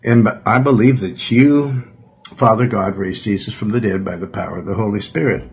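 A man's voice: lowish voice, moderate pace, creaky, husky, muffled recording. A man, a pastor, leading a prayer and closing a radio sermon with fervent, earnest repetition.

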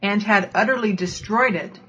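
A woman from the congregation reading scripture aloud in a steady, plain way. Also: medium pitch, moderate pace. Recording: dull lo-fi recording.

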